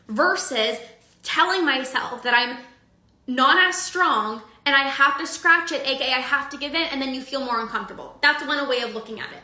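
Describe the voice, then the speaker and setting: A woman's voice: sits high, normal speed, pushed and bright, roomy sound. A young woman coaching her audience in a casual live-streamed talk, chatty with filler likes and everyday analogies. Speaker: binge eating coach.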